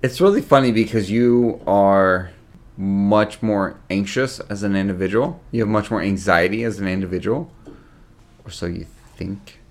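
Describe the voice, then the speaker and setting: A man's voice: lowish voice, normal speed. A man in casual podcast chat who tells stories with energy and acts out the lines of others. He swears freely and jumps between voices while he talks. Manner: animated storyteller, acts out quotes, swears a lot. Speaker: podcast co-host.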